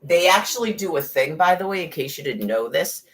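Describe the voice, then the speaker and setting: A woman's voice: deep voice, animated, brisk. A middle-aged woman in casual chat, rambling, blunt and profane, with sarcastic asides. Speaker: podcast host.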